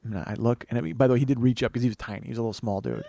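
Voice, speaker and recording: A man's voice: medium pitch, very fast, creaky, warm tone. A man hosting a comedy podcast, telling a rambling, profane story with sarcastic asides. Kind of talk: casual storytelling monologue.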